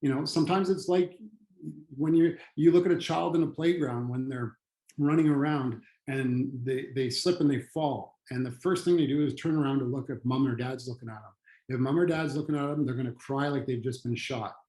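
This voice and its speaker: A middle-aged man, a retired firefighter who now trains people on trauma and resilience, telling a personal story in a halting, earnest way with frequent restarts. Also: medium pitch, dark tone, roomy sound, rough recording.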